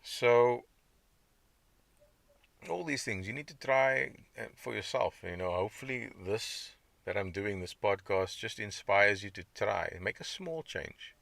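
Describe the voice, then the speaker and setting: A man's voice: sits low, vocal fry, a bit bright, no room sound. A man hosting his own podcast, talking in a rambling, conversational way and reacting to chat comments. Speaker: podcast host. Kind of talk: casual diet podcast monologue.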